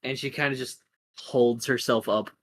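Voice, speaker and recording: A man's voice: mid-range voice, unhurried. Man, game master, tabletop narration, casual, filler-heavy. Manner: animated, casual with many fillers.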